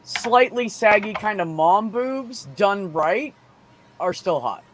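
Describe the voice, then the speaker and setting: A man's voice: sits high, lively intonation, slow pace. A man hosting a casual group voice chat, blunt, joking and affectionate. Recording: noisy voice-chat audio.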